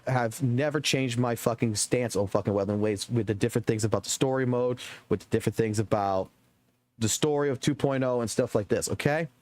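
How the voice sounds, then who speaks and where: A man's voice: mid-range voice, no echo. A man streaming games and ranting to his chat, swearing often and repeating himself for emphasis. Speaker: game streamer.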